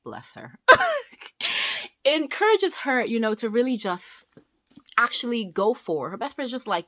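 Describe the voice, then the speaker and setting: A woman chatting casually through a book review, animated and talkative, acting out the characters as she retells the plot. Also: a little high, slight background noise. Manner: animated, chatty, quick asides and voiced retellings.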